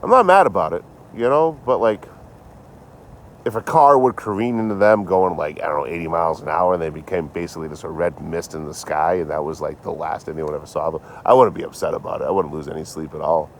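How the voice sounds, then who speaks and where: This man talks fast in a low-sitting voice while livestreaming from his phone, a bit drunk. His chat is casual, rambling and sarcastic, full of swearing and jokes traded with viewers.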